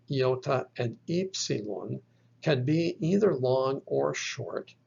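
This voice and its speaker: A man teaching from slides, explaining each term slowly and carefully and spelling words out letter by letter. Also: mid-range voice, vocal fry, breathy edge, highs cut off. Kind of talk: slide lecture.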